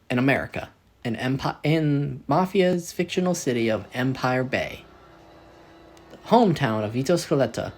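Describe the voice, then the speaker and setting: A man's voice: mid-range voice, normal speed. A man casually narrating a fan story, rambling and correcting himself as he goes. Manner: rambling, self-correcting, animated.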